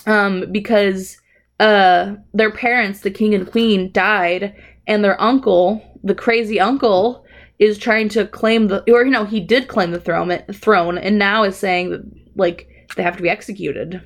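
A woman's voice: mid-range voice, fairly even intonation, a little slow. A young adult woman casually recapping a TV episode, rambling and swearing, with lots of fillers. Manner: rambling, profane storytelling with frequent fillers. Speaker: podcast co-host recapping a TV episode. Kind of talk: casual chat.

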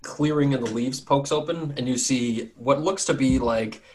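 A man's voice: medium pitch, normal speed, darkish tone. Rambling male game master. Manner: loose, rambling, joking. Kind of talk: narrating a tabletop game.

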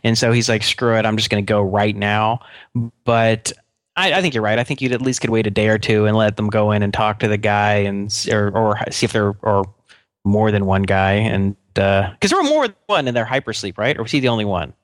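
Halting man with a dry voice. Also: on the low side, no room sound. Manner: halting, stammering restarts. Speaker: podcast co-host. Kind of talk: casual chat.

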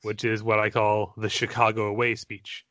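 A man's voice: fairly low pitch, completely flat delivery, normal speed, bright, forceful tone, no echo, muffled recording. Joking man on a dry, close mic. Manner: joking, teasing banter. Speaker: podcast co-host. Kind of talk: casual film-discussion chat.

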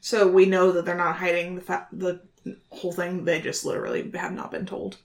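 A woman's voice: fairly low pitch, little pitch movement, brisk. A woman playing a tabletop game, bantering playfully with the other players. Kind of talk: casual tabletop play. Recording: roomy echo.

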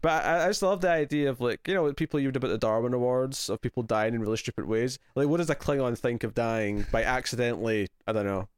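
A man with a Scottish accent co-hosting a casual chat about a TV episode, animated and laughing often, with lots of restarts. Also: mid-range voice, quick pace, few pauses, smooth, no echo, studio quality. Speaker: podcast co-host.

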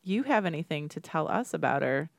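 Woman, podcast co-host, lowish voice, chatty and rambling, dry close sound. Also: very animated, brisk, vocal fry, no echo. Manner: chatty, rambling with many fillers. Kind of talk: casual podcast chat.

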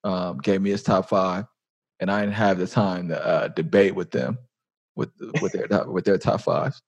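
A man's voice: low-pitched, steady tone, normal speed. A man hosting a podcast interview, asking questions in a laid-back, chatty way full of "like" and "um". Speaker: podcast host. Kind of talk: casual conversational interview.

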